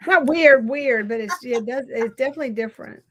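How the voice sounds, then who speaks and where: A woman's voice: high voice, brisk, a bit bright. A woman with a North Louisiana accent, hosting a casual live chat and easily amused. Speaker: livestream host.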